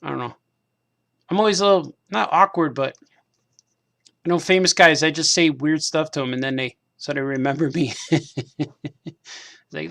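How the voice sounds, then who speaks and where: Man, slightly high gravelly voice, loose rambling chat while crafting, self-deprecating. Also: normal speed, long pauses, fairly bright tone. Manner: meandering, self-deprecating, repeats himself. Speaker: cartoonist hosting a craft stream. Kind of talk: casual rambling monologue while painting figures.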